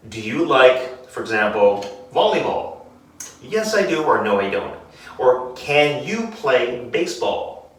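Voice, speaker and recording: A male English teacher walks through a classroom lesson, drawing out each word so young learners can repeat it. He speaks at an unhurried, deliberate pace. The sound is very echoey and he is heard from some distance away from the mic. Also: medium pitch, fairly bright tone. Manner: slow, clear, drawn-out drilling of words.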